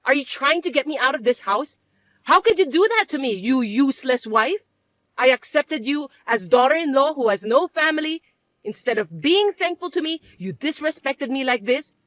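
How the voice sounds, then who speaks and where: A scheming, bossy mother-in-law, played by a woman in a story drama. Her voice sits high and rides wide, indignant swings, with shrill, accusing complaint in every line. The recording is dry and close. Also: expressive, moderate pace, a bit bright, dry recording. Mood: angry.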